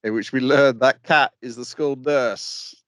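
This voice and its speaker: A man co-hosting a podcast in casual chat, summarizing episodes with many pauses and fillers over a remote call. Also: mid-range voice, fairly even intonation, a bit bright, dry recording. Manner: hesitant, lots of uh and um, summarizing plots. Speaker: podcast co-host. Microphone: remote call mic.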